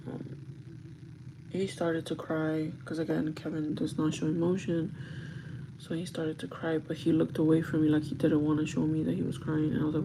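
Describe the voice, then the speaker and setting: A woman on a livestream tells a long personal story, worn out from lack of sleep. Her voice has a gravelly fry to it. The audio carries a clear layer of background noise. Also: deep voice. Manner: emotional, rambling, quoting her partner. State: sleep deprived.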